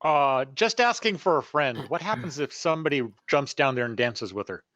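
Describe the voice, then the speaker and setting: A man playing a tabletop game, joking and asking quick questions. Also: on the high side, animated, a bit bright, no echo, highs cut off. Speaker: player.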